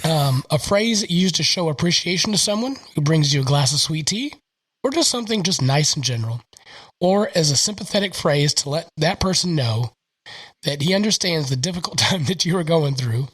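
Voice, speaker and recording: A man's voice: a little high, expressive, normal speed, a bit bright, slightly rough, no room sound, low-quality recording. A young man with a Southern US accent, hosting a casual podcast chat and telling stories in a laid-back way. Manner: laid-back, storytelling with quoted voices. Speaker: podcast host.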